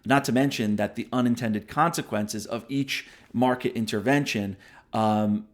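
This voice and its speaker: A man's voice: medium pitch, unhurried. A man hosting a book review show, explaining ideas in casual spoken commentary, often checking in with "right?" and admitting when he digresses. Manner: conversational, explains ideas with frequent "right?" tags; self-aware digressions.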